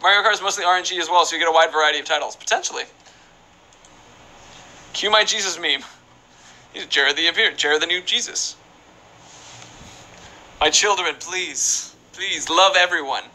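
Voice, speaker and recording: A man's voice: fairly high pitch, fast talker, long pauses, pushed and bright, poor audio. A young man streaming a game, chatting casually and reading out viewer questions in a rambling, playful way. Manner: rambling, playful, reads chat aloud. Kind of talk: casual live-stream chat while playing.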